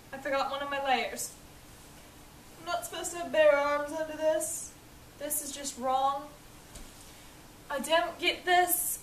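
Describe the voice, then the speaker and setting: A woman playing a spoiled, petulant young boy earl in a fan cosplay skit, with a whiny, ranting manner. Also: high-pitched. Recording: echoey room, voice from a distance, faint hiss.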